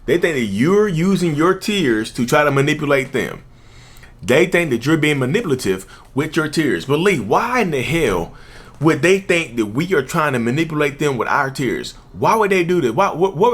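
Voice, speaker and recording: Animated man explaining with emphatic repetition. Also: mid-range voice, husky. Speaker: channel host, self-described narcissist. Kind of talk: casual talking-head commentary.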